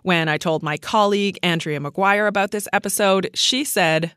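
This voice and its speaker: A woman's voice: medium pitch, moderate pace, fairly bright tone, clear, resonant tone, dry recording, clean studio sound. A woman from Newfoundland and Labrador hosting a podcast, narrating and asking passers-by friendly questions. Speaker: podcast host. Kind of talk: documentary podcast narration and street interviews.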